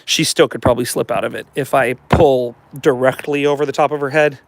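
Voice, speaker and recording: A man's voice: medium pitch, fairly even intonation, brisk, creaky, no room sound. A man talking as a dog trainer in a casual live demonstration, chatting to his viewers and coaxing a dog along. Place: at home with a dog, partly in the yard.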